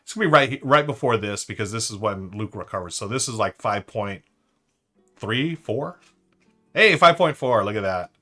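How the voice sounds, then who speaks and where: A man's voice: on the low side, lively intonation, moderate pace, sharp tone, soft background music. A man hosting a live-stream trivia board game, chatting upbeat and thinking aloud to his viewers.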